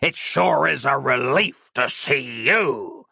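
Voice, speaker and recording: A man's voice: mid-range voice, lively intonation, slow, creaky, bright, forceful tone, slightly rough, dry recording, studio quality, pitched above the performer's own voice, full character voice. A man voicing a cruel, leering male dream demon in an audiobook, hissing and sly. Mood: mocking.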